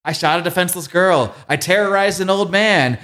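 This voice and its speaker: A man's voice: high voice, fairly quick, fairly bright tone, pitched above the performer's own voice. A man voicing a manic male clown villain, reading his lines in a theatrical, rising lilt. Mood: taunting.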